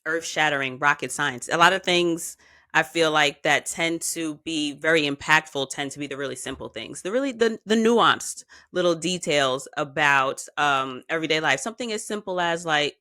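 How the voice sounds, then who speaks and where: A woman hosting a podcast, chatting in a relaxed way and chiming in with quick affirmations. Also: deep voice. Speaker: podcast host. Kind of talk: casual interview chat.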